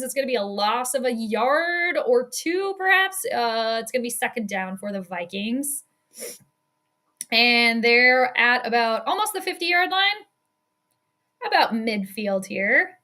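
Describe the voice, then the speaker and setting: A woman with a high-pitched, sharp and bright voice calls a football game live from her home stream. She talks casually, laughs often, and reads out her chat as she goes. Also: animated, measured pace. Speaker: sports streamer doing live game commentary. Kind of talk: casual live play-by-play commentary.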